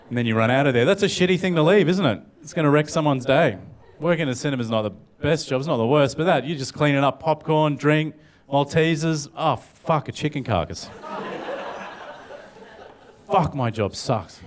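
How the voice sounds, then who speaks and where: A man doing a stand-up bit, sweary and animated as he acts things out. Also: medium pitch. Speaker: stand-up comedian. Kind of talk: stand-up set.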